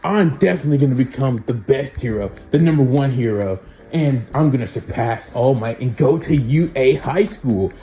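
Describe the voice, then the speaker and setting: A man's voice: mid-range voice, expressive, moderate pace, mellow, natural voice. A man voicing an arrogant, hot-tempered teenage boy who bullies a classmate, with a sneering, taunting way of talking. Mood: boastful.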